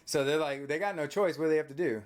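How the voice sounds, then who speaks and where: A man's voice: fairly high pitch, fast talker. Man animatedly recapping a movie. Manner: animated storyteller, prompting with questions; frequent tag questions. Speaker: podcast host quizzing a child on a movie plot. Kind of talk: casual movie recap chat. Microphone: on camera.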